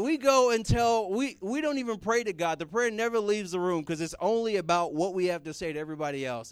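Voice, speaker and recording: A young man giving a casual, comedic sermon, animated and joking as he acts out people praying. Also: high voice, dry recording. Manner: animated, jokey, acts out prayers in put-on voices. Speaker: youth speaker.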